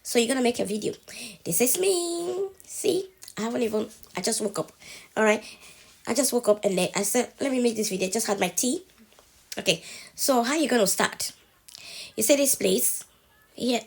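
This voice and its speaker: A TikTok tutorial creator with a cold walks through a casual step-by-step phone tutorial at home, chatty and checking in with the viewer after every step. Her voice is fairly high, brisk and husky, with vocal fry and frequent pauses.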